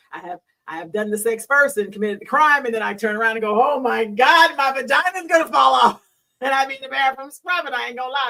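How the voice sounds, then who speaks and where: A middle-aged woman who hosts and works in a hospital gives a candid, bawdy, preachy solo talk to her audience, laughing often. Her medium-pitched voice sounds pushed and bright, and she's far from the mic in poor audio.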